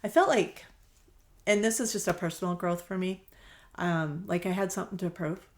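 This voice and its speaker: A middle-aged quilt shop owner guests on an interview podcast, chatting casually, telling stories, acting out the dialogue, and laughing easily. She speaks in a lowish voice at a moderate pace.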